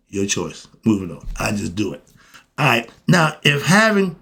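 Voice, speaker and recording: A man's voice: mid-range voice, big pitch swings, normal speed, creaky, fairly bright tone, husky. A man giving a blunt, emphatic spiritual monologue in casual slang, asking questions and answering them himself. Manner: emphatic, asks and answers his own questions; colloquial, blunt. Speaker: host.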